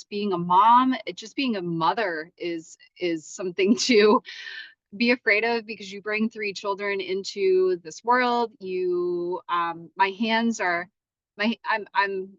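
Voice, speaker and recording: A woman's voice: medium pitch, a bit bright, no room sound, muffled recording. Woman talking in a parked car. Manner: rambling, halting, with many restarts and fillers. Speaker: podcast host. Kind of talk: casual solo podcast monologue.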